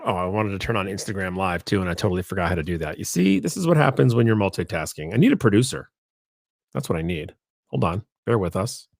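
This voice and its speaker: A man's voice: medium pitch, dry recording, studio quality. A man hosting a live-streamed marketing talk show, talking casually with many fillers and asides. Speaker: host. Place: home in Connecticut.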